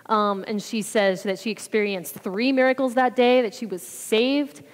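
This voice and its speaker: A woman's voice: fairly high pitch, fairly even intonation, normal speed. Woman sharing a trip story in a hall. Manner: chatty, rambling, acts out quotes. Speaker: church member giving mission trip report. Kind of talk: casual testimony talk. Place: church sanctuary. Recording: reverberant hall.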